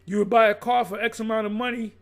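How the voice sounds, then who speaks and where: Gravelly high-voiced blunt preaching man. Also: flat delivery, quick pace. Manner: blunt, profane, reads aloud and riffs. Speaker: religious teacher. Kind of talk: profane preaching commentary.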